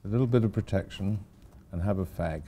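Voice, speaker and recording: An older man gives students a loose, informal architecture lecture in a university lecture hall, wandering off on wry, self-deprecating tangents. His voice sits low and sounds warm, and he talks briskly.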